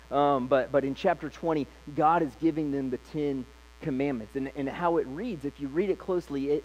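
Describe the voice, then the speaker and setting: A man's voice: medium pitch, rough recording. A male pastor preaching a sermon, retelling scripture in a casual, conversational way.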